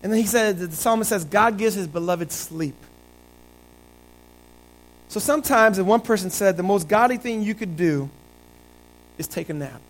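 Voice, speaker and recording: A man's voice: sits high, moderate pace, pauses often, rough recording. A male pastor preaching a conversational sermon and telling stories to his congregation.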